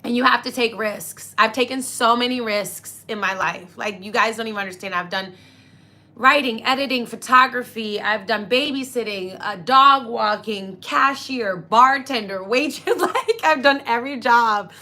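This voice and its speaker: A woman's voice: on the high side, normal speed, bright, forceful tone. A young woman hosting a casual astrology talk, effusive and grateful, speaking directly to her viewers and getting teary with happiness. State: tearful with happiness. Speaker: astrology livestream host.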